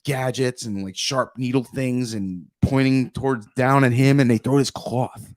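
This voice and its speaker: Animated storytelling man with dry sound. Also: medium pitch, normal speed, no room sound. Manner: animated storytelling, lots of swearing and filler "like". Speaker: podcast co-host. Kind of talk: casual podcast chat.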